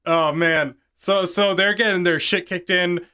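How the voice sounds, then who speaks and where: A man with a somewhat high, bright and forceful voice talks through a movie plot with his co-host. He rambles, swears freely and keeps breaking into laughter. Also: steady tone, unhurried, clear, resonant tone. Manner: rambling, profane, laughs often. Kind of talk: casual podcast movie recap.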